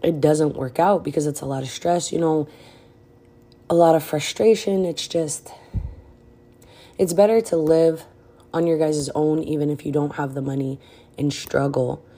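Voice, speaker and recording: A woman's voice: low voice, steady tone, a little slow, pauses often, dark tone, slightly rough. A woman hosting a podcast, talking frankly and directly in a casual advice chat, a little out of breath. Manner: frank and direct, many fillers. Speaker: podcast host.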